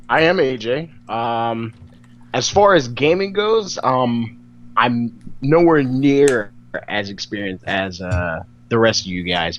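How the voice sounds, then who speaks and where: Some guy on a crackly video call, lotta ums, kinda muffled. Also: medium pitch. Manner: hesitant, many ums, playful. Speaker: podcast guest. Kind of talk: casual chat. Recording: dull lo-fi video call audio.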